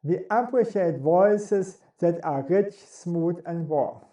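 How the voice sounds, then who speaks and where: A man giving a spoken lesson on how to use the voice, in deliberate, non-native English and demonstrating sounds as he goes. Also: high-pitched, animated, mellow. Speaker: voice and speaking coach. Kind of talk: instructional talk on speaking. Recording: roomy echo.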